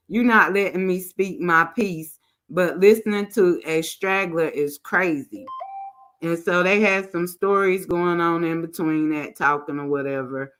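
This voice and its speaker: A woman's voice: lowish voice, fairly bright tone. A woman casually commenting on a livestream, reading messages aloud in a drawl and greeting her viewers by name. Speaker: channel host reading screenshots to live viewers.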